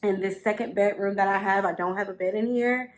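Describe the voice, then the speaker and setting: A woman's voice: medium pitch, fairly even intonation, fairly quick. A young adult woman telling a story to camera in a casual, chatty way from a bedroom at home, repeating phrases for emphasis. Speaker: vlogger.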